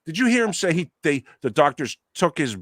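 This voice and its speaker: A man's voice: on the high side, very animated, brisk, fairly bright tone, dry recording, studio quality. A man co-hosting a casual podcast chat, cracking crude, self-mocking jokes. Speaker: podcast co-host.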